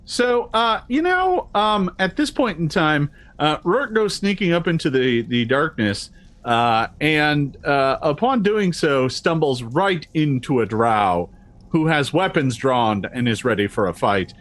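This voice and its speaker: A man's voice: on the high side, sing-song, unhurried, a bit bright. A man running a tabletop game as game master, narrating scenes and laughing often.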